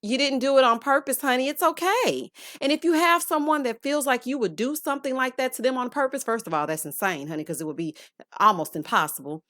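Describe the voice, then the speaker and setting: A woman's voice: high voice, a little fast, fairly bright tone, no echo, studio quality. A woman hosting a casual reality TV recap, sassy and chatty, calling viewers honey and child.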